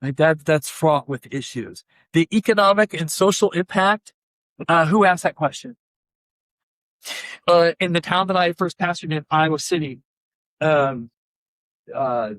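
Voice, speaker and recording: A man's voice: fairly high pitch, moderate pace, a bit bright, no room sound. A man, a pastor, giving a conversational workshop talk, animatedly telling stories and acting out both sides of conversations. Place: conference room.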